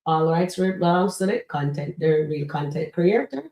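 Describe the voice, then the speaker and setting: A woman's voice: deep voice, moderate pace, warm tone, recorded from a distance. A woman hosting a live stream, chatting casually with her viewers as she reviews comedy skits. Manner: chatty, addresses chat as guys, frequent fillers. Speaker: livestream show host reviewing comedy skits. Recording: roomy echo, voice set back from mic.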